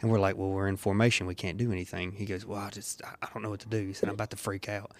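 Low-voiced man telling stories. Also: level tone, very fast, no echo. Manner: storytelling, laughs often, retells quotes. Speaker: podcast host, army veteran. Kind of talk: casual podcast chat.

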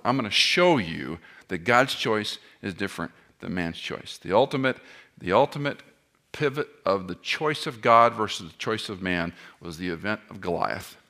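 A middle-aged man preaching a sermon, impassioned, swinging between loud cries and hushed tones, with self-deprecating asides. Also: lowish voice, creaky. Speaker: pastor.

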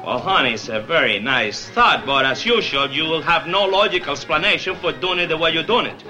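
An actor playing a teasing, excitable Cuban bandleader husband in a 1950s TV sitcom, with a Cuban accent. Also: male voice, a little high, brisk, music in the background, close to an everyday voice, low-quality recording. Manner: playful, bursts into song.

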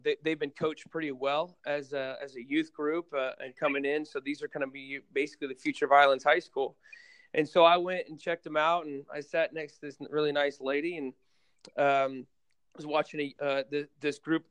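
Smooth-voiced man telling a coaching story. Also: mid-range voice, no echo. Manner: rambling, many fillers and restarts. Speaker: guest basketball coach. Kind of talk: casual storytelling in a podcast interview.

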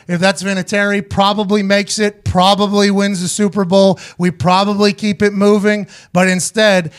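A man hosting a casual podcast, telling stories with lots of swearing and acting out quoted voices along the way. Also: sits high. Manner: profane, animated storyteller doing quoted voices. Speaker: show host, former punter.

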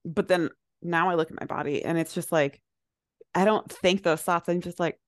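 A young woman with a fairly low voice chats on a podcast, reflective and rambling, leaning on "like" as she thinks aloud. The sound is close and dry, with no room around it. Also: fairly even intonation, moderate pace, no echo. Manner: rambling, reflective, lots of "like" fillers. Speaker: podcast co-host. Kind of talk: casual chat.

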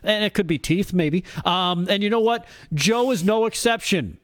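A man's voice: high voice, moderate pace. A man hosting a satirical comedy segment, delivering mock-cheerful, mocking commentary with frequent laughs. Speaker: host of a political comedy segment.

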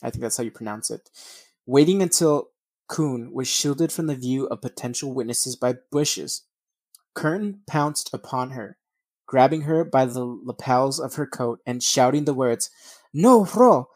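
A man's voice: mid-range voice, unhurried, darkish tone, no room sound. A man reading a true crime case aloud, breaking off for blunt, profane asides and stumbling over names.

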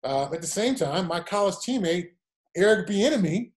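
Lively storytelling man, slightly high voice. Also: moderate pace. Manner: animated anecdotes with acted-out quotes. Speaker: former football player guest. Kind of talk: storytelling interview.

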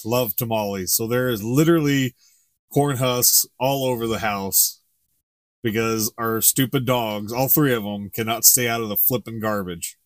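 A man's voice: medium pitch, no room sound, clean studio sound. A middle-aged man co-hosting a podcast, chatting casually and rambling with chuckles. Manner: rambling, chuckling, animated impressions. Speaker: podcast co-host. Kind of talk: casual unscripted chat.

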